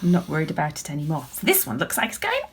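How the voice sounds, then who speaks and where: A woman, an author and illustrator, chatting warmly and encouragingly to children as she draws along with them. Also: sits low, huge pitch swings, rapid-fire, husky. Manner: chatty and encouraging, talking while drawing. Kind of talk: draw-along lesson for children.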